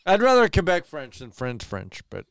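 A man's voice: fairly high pitch, huge pitch swings, moderate pace, creaky, a bit bright, slight background noise. A man interjecting jokes in a casual chat, teasing the others and throwing in mock French. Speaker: podcast co-host.

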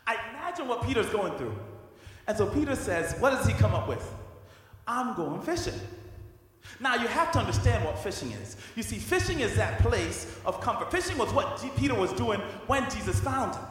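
A man's voice: sits high, big pitch swings, moderate pace, a bit bright. A man preaching a sermon in a conversational way, acting out scripture characters in casual slang. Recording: echoey hall with long reverb.

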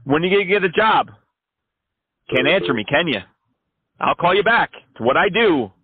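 A man's voice: a little high, animated, normal speed, slightly rough, no room sound, narrow, tinny audio. A man prank-calling scammers, taunting and cursing them with sarcastic jabs. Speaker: scam-baiting host.

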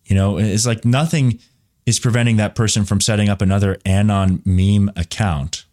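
A man's voice: fairly low pitch, fairly even intonation, normal speed, a little mellow. A man hosting a live commentary show, talking in a rambling way with many fillers and reading viewer questions from the chat. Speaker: show host.

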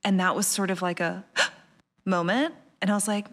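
A woman's voice: medium pitch, animated, fairly quick, long reverb tail. A woman in her thirties, a podcast guest talking casually and animatedly, laughing easily and peppering her speech with "like.". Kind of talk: casual interview chat.

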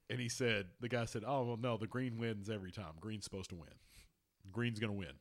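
A man's voice: lowish voice, a little fast. Guy on a sports podcast ranting and telling stories, lots of swearing. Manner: profane, animated storytelling. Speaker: podcast co-host. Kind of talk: casual sports chat.

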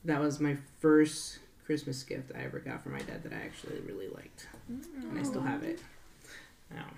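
A young woman with a very low voice that swings widely in pitch, talking bluntly. The room gives her an echoey sound. A faint hiss sits behind her. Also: wildly swooping pitch, normal speed, creaky, a little mellow. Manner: blunt, swears freely. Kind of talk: casual chat.

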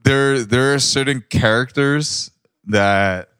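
A man's voice: mid-range voice, slow pace, a bit bright, smooth, dry recording. A man in casual chat among friends, rambling with many fillers and swearing freely.

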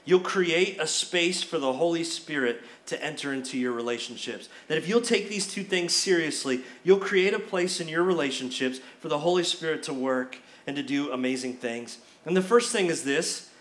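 Male pastor, high voice, repetitive call-and-response preaching, roomy church echo. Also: moderate pace, a bit bright. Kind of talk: sermon. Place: church sanctuary. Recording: echoey church hall.

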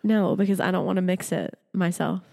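A woman's voice: lowish voice, fairly even intonation, brisk, creaky, mellow. Giggly sick woman with a reverby sound. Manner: laughs often, teasing. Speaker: podcast co-host. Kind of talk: casual chat.

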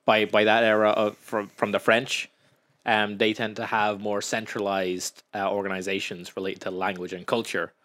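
A man's voice: on the low side, little pitch movement, moderate pace, fairly bright tone. A young Irish man co-hosting a casual podcast, telling stories at length and acting out quotes. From Ireland. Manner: chatty storyteller, acts out quotes in raised voices. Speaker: podcast co-host. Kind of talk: casual chat.

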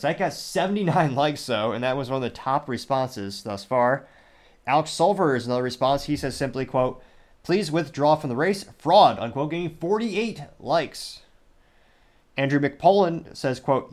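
A man hosts a casual podcast, working through viewer comments one by one. He reads each quote in a flat listing way and breaks off with wry, incredulous remarks. His pitch sits in an ordinary middle range. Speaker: podcast host.

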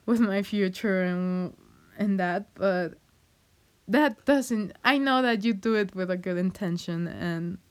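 A young woman vlogger talks slowly, her pitch sitting in the middle range. It's a heartfelt personal monologue to her viewers, delivered with emotion and hesitation, with many fillers and bursts of nervous laughter.

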